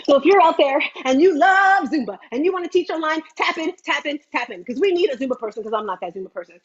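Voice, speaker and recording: High-voiced woman in her 50s hyping a fitness event, chatty, repeats stuff, kinda dull lo-fi sound. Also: fast. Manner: animated, chatty, repeats phrases for emphasis. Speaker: host of an online fitness meeting. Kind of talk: lively live-stream pitch.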